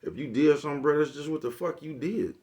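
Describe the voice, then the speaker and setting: A man's voice: fairly high pitch, fast talker, a little mellow. A man vlogging a casual comedic rant to camera, laughing often and leaning on slangy, profane street talk with a repeated catchphrase. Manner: laughs often, repeats "you know what I'm talking about".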